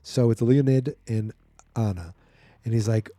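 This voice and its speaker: A man's voice: medium pitch, a little slow, mellow, no echo. A man hosting a podcast, recapping a comic book in a rambling, chatty way and acting out the scenes. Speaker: podcast host.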